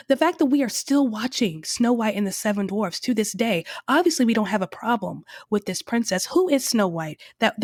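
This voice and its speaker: Lady ranting about a movie, kinda high voice, dry close sound, keeps repeating herself. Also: dry recording. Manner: exasperated, emphatic, repeats for emphasis. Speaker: film reviewer. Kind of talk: opinionated commentary.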